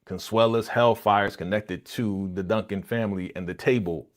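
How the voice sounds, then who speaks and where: A man's voice: fairly low pitch, steady tone, moderate pace. A man hosting a live reaction stream, chatting casually in slang and acting out characters' lines as he retells the episode. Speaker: livestream host reacting to a TV episode.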